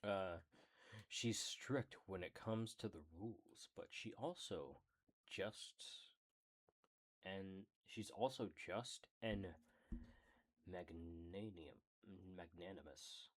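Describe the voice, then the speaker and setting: A man casually reading a character book aloud, often stumbling over words, correcting himself and apologizing. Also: low-pitched. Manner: slow, halting reading. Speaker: hobby reader of a character book. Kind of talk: casual read-aloud with asides.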